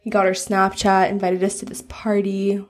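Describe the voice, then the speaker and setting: A woman's voice: mid-range voice, completely flat delivery, moderate pace. Early 20s american girl rambling thru a podcast in a hotel bathroom, giggly, chatty. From United States. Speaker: podcast co-host. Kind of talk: casual travel podcast chat. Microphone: portable travel mic.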